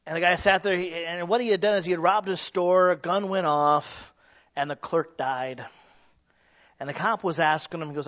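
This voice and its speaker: A male pastor delivering a sermon, dropping to hushed low lines and building to loud peaks, acting out quoted voices as he tells stories. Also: moderate pace. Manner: acts out quoted voices in storytelling. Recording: dull lo-fi recording.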